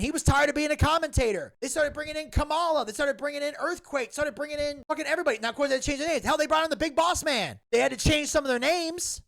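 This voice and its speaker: Young podcast host, man, high gravelly voice, cursing and acting out scenes. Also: dry recording. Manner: animated, profane, loud re-enactments. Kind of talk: casual podcast chat. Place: home podcast studio in former bedroom.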